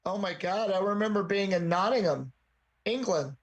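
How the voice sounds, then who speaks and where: A man hosting a casual podcast chat, telling stories in an animated way and swearing now and then. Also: high-pitched, moderate pace, highs cut off. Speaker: host.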